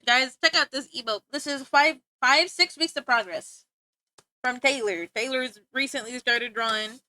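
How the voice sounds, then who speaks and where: Giggly, bright-voiced woman streamer. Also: high voice, moderate pace, no room sound. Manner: chatty, giggly, talks back to chat. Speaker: livestreamer. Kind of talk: casual livestream chat.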